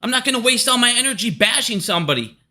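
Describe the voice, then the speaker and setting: With an extremely high, expressive voice that is pushed and bright, this man talks fast. He's a stock commentator raging in a vlog, cursing nonstop and combatively arguing with critics.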